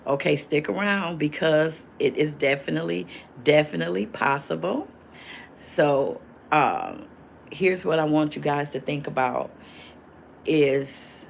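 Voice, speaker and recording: A woman's voice: low-pitched, a little slow, vocal fry, a little hiss or hum. An older woman in her sixties, chatting casually on a livestream as host, reading viewers' comments aloud and answering them.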